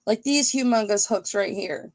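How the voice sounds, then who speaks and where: A woman hosting a live online jewelry auction, chatting playfully with her viewers and thinking out loud. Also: mid-range voice, normal speed, no echo. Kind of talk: casual live-stream auction patter.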